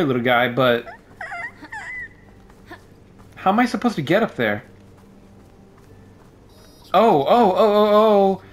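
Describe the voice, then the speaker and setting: A man's voice: high-pitched, a little hiss or hum. A man giving playful, jokey commentary while playing a game at home, yelping when startled. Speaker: gaming YouTuber. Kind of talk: casual let's-play commentary. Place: home room. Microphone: desk microphone.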